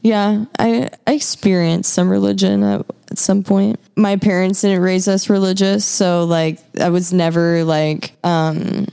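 A woman's voice: medium pitch, steady tone, a little slow, gravelly, hardly any pauses, dark tone, clear, resonant tone. A young woman hosting a podcast, chatting casually and easily with many fillers and laughs. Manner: laid-back, lots of fillers and laughs. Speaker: podcast host. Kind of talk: casual chat.

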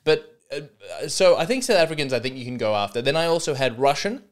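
A man's voice: medium pitch, big pitch swings, a little fast. Sarcastic, rambling Australian man. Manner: rambling, sarcastic, self-mocking. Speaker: comedian and podcast host. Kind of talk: casual comedic monologue.

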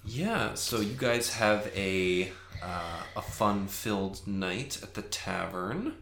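A man runs a tabletop game in a fairly low voice, rambling through his narration with plenty of fillers. When characters speak he jumps into high put-on voices. He is recorded in an echoey room. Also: slow, a bit bright, a little hiss or hum. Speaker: game master.

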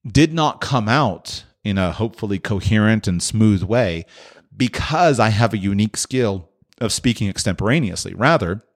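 A man hosting a question-and-answer podcast, talking through his answer off the cuff with frequent restarts. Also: on the low side. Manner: thoughtful, with frequent restarts and filler. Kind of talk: unscripted monologue.

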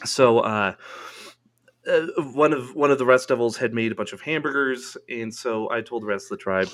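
A man's voice: mid-range voice, moderate pace. Laughing man telling a wild story. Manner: laughing, swearing, animated storyteller. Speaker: podcast guest. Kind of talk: casual storytelling.

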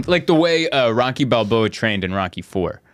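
A man, a comedian hosting a podcast, chatting casually and telling stories with animated voices. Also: normal speed, no echo, clean studio sound. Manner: animated storytelling, jumps into loud squeaky voices and laughs. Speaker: stand-up comedian, podcast host.

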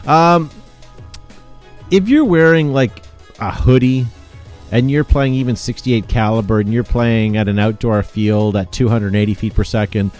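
A man's voice: mid-range voice, a little slow, darkish tone, faint music behind. A man hosting a casual panel chat, talking loosely and reading viewer comments aloud. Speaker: podcast host.

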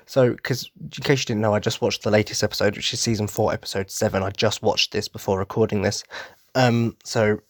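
A man's voice: lowish voice, steady tone, fairly quick, no room sound, clean studio sound. A young man hosting a casual solo podcast, chatty and rambling, sounding tired. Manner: rambling, self-interrupting and chatty. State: tired from little sleep. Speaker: podcast host.

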